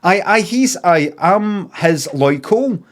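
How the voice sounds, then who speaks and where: A Scottish man streaming, telling a story in a casual, sweary rant and acting out both sides of an argument in quick asides. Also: high voice, lively intonation.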